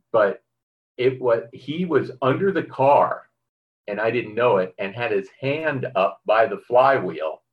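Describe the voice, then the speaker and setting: A man's voice: lowish voice, narrow, tinny audio. A middle-aged man preaching a sermon, reading scripture and telling a personal story in a conversational way with fillers and frequent asides to the congregation. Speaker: pastor.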